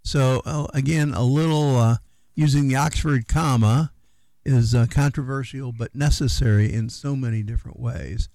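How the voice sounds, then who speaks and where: A man's voice: medium pitch, moderate pace, dark tone, no room sound. A middle-aged man co-hosting a radio show in loose, rambling casual chat with many fillers. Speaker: radio co-host.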